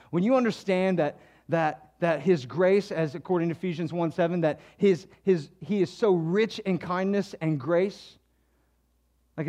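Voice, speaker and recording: A man preaching a sermon in a church, swinging between quiet asides and loud, emphatic passages. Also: high voice. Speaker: pastor.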